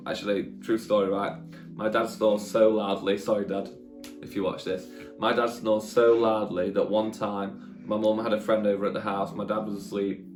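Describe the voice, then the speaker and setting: A young man, telling a Bible story for children in a playful, chatty, self-mocking way, with dramatic sound effects. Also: lowish voice. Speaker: children's church presenter. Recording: echoey room with faint guitar.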